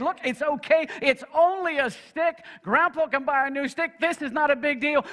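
A man's voice: high-pitched, a bit bright, long reverb tail. An older man, a pastor, preaching an emphatic sermon and leading his congregation in call-and-response. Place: church sanctuary.

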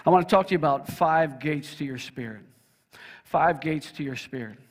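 A man's voice: fairly high pitch, normal speed, big-room sound. An older man, a pastor, preaching an emphatic sermon and leading his congregation in call-and-response. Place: church sanctuary.

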